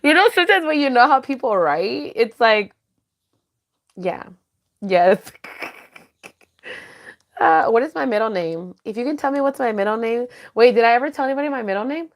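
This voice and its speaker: A woman's voice: on the high side, expressive, normal speed, long pauses. Laughing woman podcaster, casual chat. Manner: laughs often, drops Spanish words. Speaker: podcast co-host. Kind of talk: casual chat reading live comments.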